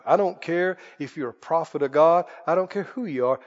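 A man's voice: fairly high pitch, fairly quick, long reverb tail, dull audio. A man preaching a sermon, dramatic and full of rhetorical questions as he tells the story.

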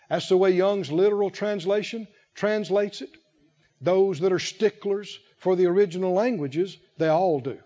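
A man preaching a sermon, emphatic and repetitive, who slows to stress key phrases and rises in fervor. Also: sits high, mellow. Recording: dull lo-fi recording.

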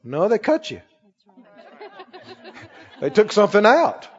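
A man pastor preaching a sermon emphatically, rising to shouts and dropping to quick asides. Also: high-pitched, wildly swooping pitch. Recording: dull sound with long church reverb.

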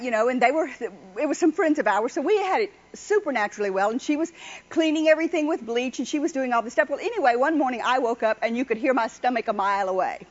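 A woman with a high, light voice gives a folksy sermon. She is chatty and exhorting, with easy laughter, and the recording sounds dull and lo-fi. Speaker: preacher. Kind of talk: folksy sermon with personal stories.

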